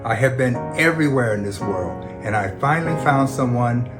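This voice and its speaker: A man's voice: mid-range voice, lively intonation, normal speed, over music. A man giving a sincere, heartfelt tribute to his partner in an interview. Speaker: interviewee, partner of the main guest. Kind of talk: personal testimony.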